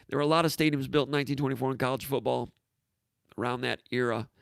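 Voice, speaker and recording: A man hosting a live sports talk show, chatting casually and offhand while answering viewer comments, his voice going hoarse. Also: mid-range voice, little pitch movement, fast talker, no room sound. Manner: rambling, offhand, with frequent fillers and asides.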